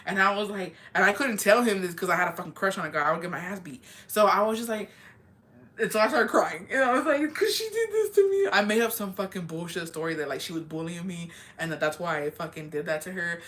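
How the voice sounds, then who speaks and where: A woman's voice: fairly low pitch, fairly even intonation, fast, a bit bright. A young woman telling a casual storytime confession, rambling and swearing, with lots of fillers, often laughing at herself. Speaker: vlogger.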